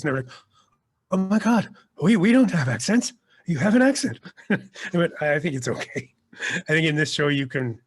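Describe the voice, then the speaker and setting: Rambling, lively male storyteller. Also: medium pitch. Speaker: guest, actor and teacher. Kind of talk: casual podcast interview.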